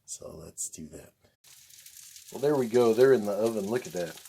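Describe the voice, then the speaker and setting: A man's voice: lowish voice, expressive, moderate pace, warm tone, slight background noise. A man hosting a home cooking video, casually walking through each step and admiring the food. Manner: easygoing, keeps calling the food beautiful. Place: home kitchen.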